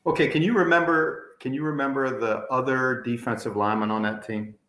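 A man hosting a casual sports interview, an animated storyteller who swears his stories are true. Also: mid-range voice, a little fast. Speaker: podcast host. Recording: roomy echo.

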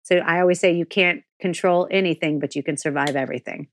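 A woman's voice: on the low side, fast talker, no echo, clean studio sound. Frank, swearing woman guest. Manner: frank and animated, swears freely. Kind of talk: candid podcast interview.

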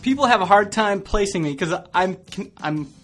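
A man's voice: high voice, animated, moderate pace, a bit bright, faint music behind. A Canadian man hosting a podcast, chatting loosely and laughing easily with his guest. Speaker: podcast host. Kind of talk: casual podcast conversation.

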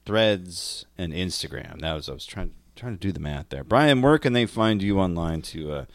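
Low-voiced laid-back podcast host man. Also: animated, normal speed, no room sound. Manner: dry, laid-back, reads out show plugs. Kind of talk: casual comedy podcast chat.

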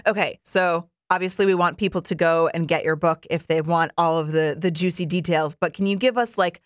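A woman's voice: lowish voice, dry recording, clean studio sound. A woman hosting a news radio interview, asking questions in a casual way with fillers.

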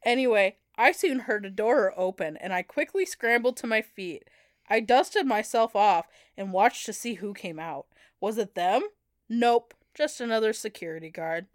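A woman's voice: mid-range voice, moderate pace, no echo, clean studio sound. A young woman co-hosting a comedy podcast, reading fan fiction aloud and often breaking into laughter.

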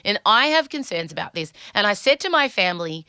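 A woman's voice: medium pitch, sing-song, brisk, few pauses, pushed and bright, clear, resonant tone, dry recording. A middle-aged Australian woman hosting a podcast, chatting candidly and anxiously and swearing freely. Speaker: podcast host. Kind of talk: casual podcast monologue.

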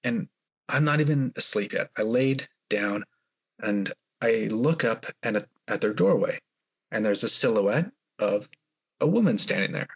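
Male podcast guest, low husky voice, rambling storyteller with fillers. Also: animated, unhurried, fairly bright tone. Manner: hesitant, rambling retelling with fillers. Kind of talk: storytelling in an interview.

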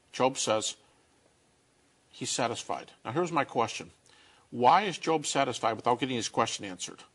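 A man giving an earnest, conversational talk about grief and faith, slowing down to stress key points. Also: mid-range voice, fairly bright tone. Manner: earnest storytelling, slowing down for emphasis.

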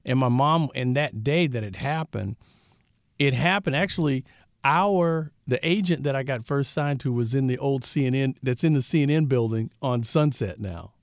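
Animated storytelling man, dry sound. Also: mid-range voice, moderate pace, dry recording. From Southern California. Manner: animated storyteller who acts out quoted dialogue. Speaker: guest. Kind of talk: storytelling interview.

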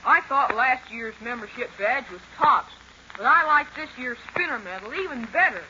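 A man's voice: extremely high pitch, animated, moderate pace, pushed and bright, slight background noise, heavily acted. A performer playing an eager young boy reading his fan letter on a 1930s radio show. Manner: eager, enthusiastic. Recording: muffled old radio recording.

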